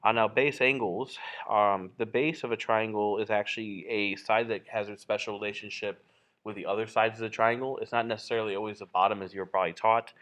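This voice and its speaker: A man's voice: on the low side, steady tone, fairly quick, fairly bright tone. A man teaching a geometry lesson while drawing, in a casual, explanatory way with frequent fillers and self-corrections. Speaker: math teacher.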